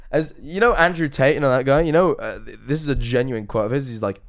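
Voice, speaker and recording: A man's voice: medium pitch, fast talker, hardly any pauses. A young man chatting casually on a live stream as he reacts to a video, talking over it and swearing freely.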